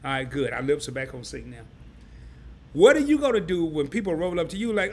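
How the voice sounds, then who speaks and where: A man's voice: a little high, very animated, brisk. A man hosting a casual live-stream interview, chatting and reading viewer comments aloud.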